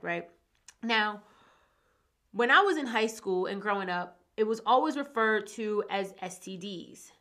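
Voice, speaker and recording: A woman's voice: medium pitch, sharp tone. A woman, talking casually, candid and frank, swearing freely when frustrated. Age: 20s. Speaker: podcast host. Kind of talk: casual solo podcast talk.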